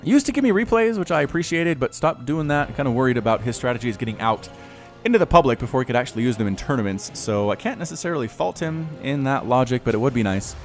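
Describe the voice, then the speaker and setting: A man casting a strategy game, excitable and quick to shout at big plays. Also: medium pitch, soft background music. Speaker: game caster. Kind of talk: live strategy game commentary.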